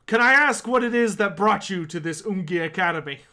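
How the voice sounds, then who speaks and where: A stern old dwarf runesmith with a hearty, gruff way of talking, put on by a man. His tone is bright and forceful, pitched somewhat high for a dwarf and pushed a little louder. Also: animated, fairly quick, full character voice.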